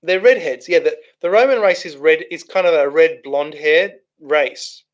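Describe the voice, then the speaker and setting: A man's voice: on the high side, normal speed. A man hosting a livestream, reading out chat comments and answering them in a rambling, casual way. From Australia. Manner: chatty, rambling, thinks aloud with restarts.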